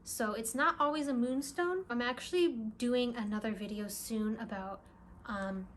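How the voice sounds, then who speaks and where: A young woman who runs a crystal shop, talking through her purchases in a casual, excitable vlog with lots of "like" and "really, really". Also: fairly high pitch, moderate pace, a little hiss or hum. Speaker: crystal shop owner and vlogger. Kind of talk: casual show-and-tell vlog.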